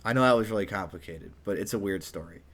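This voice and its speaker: A young man casually telling a story, animated and rambling, full of "like" fillers. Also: lowish voice, fast. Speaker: vlogger.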